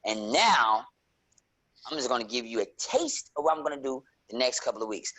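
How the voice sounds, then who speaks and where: A man hosting a casual nerd-culture podcast, talking animatedly and leaping into excited high notes. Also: fairly quick. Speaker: podcast host.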